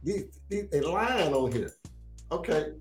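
A man's voice: fairly high pitch, big pitch swings, unhurried, soft background music. A middle-aged man, teasing his viewers in boisterous, laughing trash talk on a live stream. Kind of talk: casual live-stream banter.

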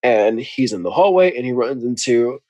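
Guy cohosting a recap podcast, chatty, laughs a lot, dry close sound, mid pitch. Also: expressive, normal speed, dark tone, no echo. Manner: chatty, laughs often, acts out quotes. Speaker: podcast co-host. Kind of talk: casual recap chat.

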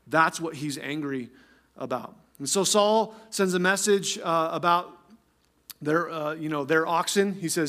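A male pastor preaching a sermon in an energetic, emphatic way, often repeating phrases for stress. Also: fairly high pitch, a little slow.

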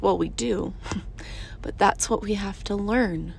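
A woman's voice: mid-range voice, slow, vocal fry, a little mellow, a little hiss or hum. A woman in her thirties hosting a casual monologue, earnest and emphatic, repeating short phrases. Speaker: podcast host.

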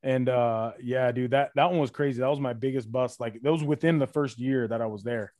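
A man recounts a rowdy story in a casual podcast chat, his speech full of fillers and curse words. His voice sits at an average pitch. The sound is close and dry, with no room around it. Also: fairly even intonation, a little fast, darkish tone, no echo. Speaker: podcast guest, former retail loss-prevention worker.

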